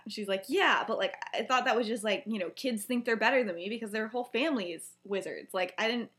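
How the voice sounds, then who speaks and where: A woman's voice: medium pitch, quick pace, few pauses, a bit bright. Chatty young woman retelling a story. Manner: chatty, heavy use of "like" and "he's like" quotes. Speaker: podcast co-host.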